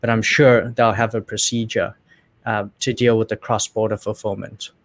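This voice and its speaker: A man with a South African accent, co-hosting and explaining business steps in a calm, measured way. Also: on the low side, no room sound. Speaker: co-host. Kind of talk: casual explanation.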